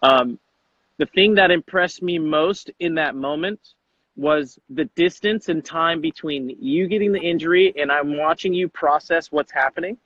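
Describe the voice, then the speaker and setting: An excited man hosting a relaxed sports chat, tossing in slang and acting out quotes. His voice sits a little high. The recording is dull and very dry. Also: moderate pace, no room sound. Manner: enthusiastic, slangy, acts out quotes. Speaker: coach and podcast host. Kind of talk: casual interview chat.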